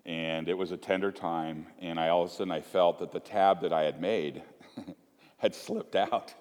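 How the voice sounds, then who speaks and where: Low-pitched and darkish, the pastor's voice stays steady at a moderate pace as he preaches. Recorded with a sanctuary's long reverb, he relates homely stories conversationally, making fun of himself and frequently starting over.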